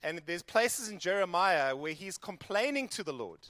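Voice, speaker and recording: A man preaching a sermon in a church who acts out quoted prayers with animated delivery. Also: sits high, moderate pace, dry recording. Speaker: pastor.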